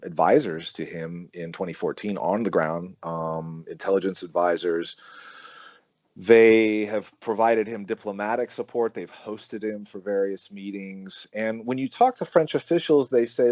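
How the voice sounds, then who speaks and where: A man, a researcher being interviewed on a podcast, explaining in a measured, analytical way with frequent "um" and "you know" and the odd "right?". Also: low-pitched, darkish tone, no room sound, lo-fi sound. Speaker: researcher and author, interview guest.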